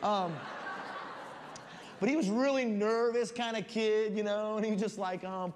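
A guest preacher telling a comic story in his sermon, animated and building suspense. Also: sits high, a little slow. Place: church sanctuary. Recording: long church reverb, faint room noise.

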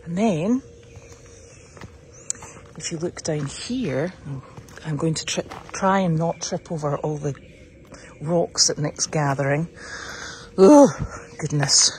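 This woman keeps a sanctuary and films a casual vlog while walking the farm paddocks with her phone, a faint hiss audible in the background. Her voice is low, and she talks slowly with frequent pauses. She's chatty and upbeat.

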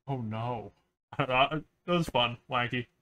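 A young man hosts a music reaction video, offering casual album commentary in a crude, rambling, joking way. His voice is mid-range and slow, with crowd noise and the album playing in the background.

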